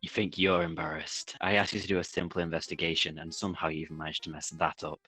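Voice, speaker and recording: A man's voice: low-pitched, level tone, fast talker, sharp tone, slightly rough, no room sound, faint music behind, low-quality recording. A man playing a tabletop role-play game, blunt and exasperated with his partner. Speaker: player, podcast host.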